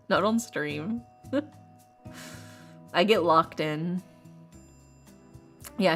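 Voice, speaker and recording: A woman's voice: lowish voice, gravelly. A woman streamer chatting casually and rambling with giggles while playing a visual novel. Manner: giggly, rambling, self-mocking.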